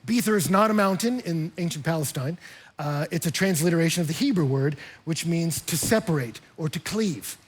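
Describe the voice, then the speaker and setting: Guy pastor giving a sermon, kinda husky voice, pretty high for a man, jokey and chatty, does little voices for quotes. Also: lively intonation, fairly quick. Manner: conversational and humorous, acting out quoted voices. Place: church.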